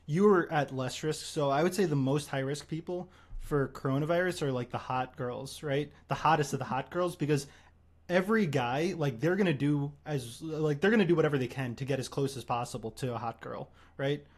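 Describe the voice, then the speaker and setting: A young man hosting a livestream, talking in a deadpan, rambling way. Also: a little high, brisk. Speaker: streamer host. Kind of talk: casual livestream chat.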